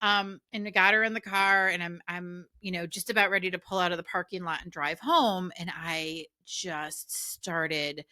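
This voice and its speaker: A middle-aged woman life coach and podcast host, talking casually with chatty asides in a warm coaching tone. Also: lowish voice, fairly even intonation, moderate pace, few pauses. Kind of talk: casual solo podcast talk.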